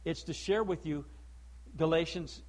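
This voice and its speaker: A male preacher giving a sermon, emphatic and full of rhetorical questions, swinging between loud declaiming and low, quiet stress. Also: a little slow, low-quality recording.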